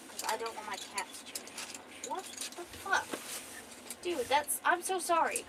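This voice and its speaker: Chatty woman with a gravelly voice. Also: sits high, very noisy. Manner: chatty, swears, rambling. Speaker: art streamer. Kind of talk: casual chat.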